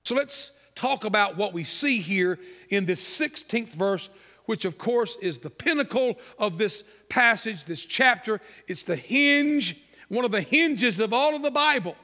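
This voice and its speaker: A man preaching a sermon, building emphatic repeated phrases and dropping low and quiet for asides. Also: expressive, a little slow, in a large hall. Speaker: pastor.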